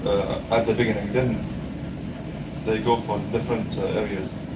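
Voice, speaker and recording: A man's voice: lowish voice, little pitch movement, normal speed, heavy background noise. A man adding short, hesitant remarks to a casual livestream chat with his partner. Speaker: husband joining the stream. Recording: roomy, distant from mic.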